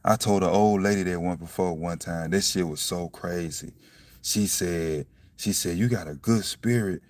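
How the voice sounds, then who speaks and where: A young man musing on faith in a casual, blunt, profane monologue, breaking into loud laughs and saying "you see what I'm saying" again and again. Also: low voice, normal speed. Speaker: self-styled preacher vlogger. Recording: dry, from a distance to the mic.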